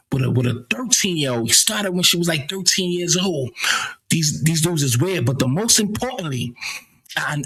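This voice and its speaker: A man's voice: fairly high pitch, bright, forceful tone, breathy edge. A man from the United States hosting a casual commentary show, blunt and profane, often stammering and repeating himself. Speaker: commentary channel host.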